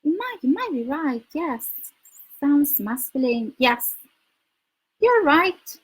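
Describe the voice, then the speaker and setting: A chatty woman with a Spanish accent talks casually to her live viewers, laughing often and answering their comments. Her voice sits high for a woman. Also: sing-song, takes it slowly, low-quality recording. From Spain. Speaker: dating advice live streamer. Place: her home in London.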